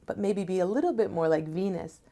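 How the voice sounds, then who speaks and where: A woman telling a folktale aloud in an expressive, dramatic way, at times dropping to a hushed tone. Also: fairly low pitch, a little fast. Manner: expressive, dramatic, drops to soft hushed tones. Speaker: storyteller. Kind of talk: oral folktale storytelling.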